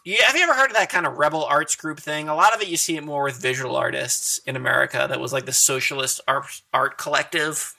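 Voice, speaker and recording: A man's voice: a little high, fast, vocal fry, hardly any pauses, pushed and bright. A man telling stories in casual conversation, chatty and laughing often. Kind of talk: casual conversation about poetry.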